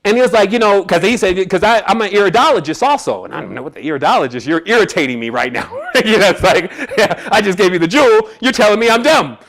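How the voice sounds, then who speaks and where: A man's voice: sits high, expressive, fast, few pauses, fairly bright tone. A man giving a casual, streetwise talk to an audience, telling a personal story and acting out the people in it. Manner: casual and streetwise, acts out quoted voices. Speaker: spiritual presenter.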